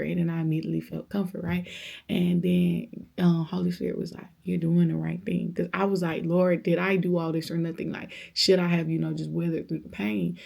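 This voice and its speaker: Gravelly-voiced woman telling a storytime. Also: lowish voice, brisk. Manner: animated storyteller, acts out quoted voices; faith-filled, speaks of God, conversational. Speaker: vlogger. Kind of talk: storytime vlog, casual chat.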